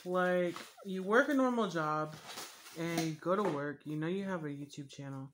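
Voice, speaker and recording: A woman's voice: on the low side, normal speed, slight background noise. A woman YouTuber chatting casually while eating on camera, rambling and swearing freely with lots of fillers. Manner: rambling and profane, with frequent fillers.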